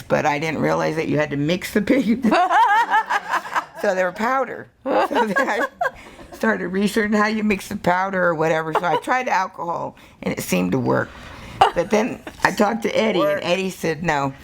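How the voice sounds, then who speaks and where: An older American woman with a low, gravelly voice tells her stories as a tattoo artist in an interview. She is animated, breaks into laughter often, and acts out the people she quotes. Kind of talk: storytelling interview.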